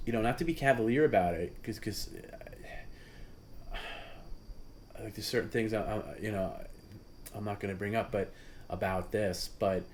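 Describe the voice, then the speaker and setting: A man with a somewhat low voice talks casually as the host of a livestream. He rambles and stops to restart his sentences, with plenty of fillers along the way. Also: slight background noise. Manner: rambling, halting with many restarts and fillers, laughs at his own story; voice jumps high and loud when mimicking others.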